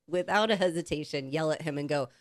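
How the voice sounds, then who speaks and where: A woman's voice: sits low, moderate pace, dry recording. A woman co-hosting a podcast, telling a story in casual chat, laughing often and acting out the voices of the people in it. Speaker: podcast co-host.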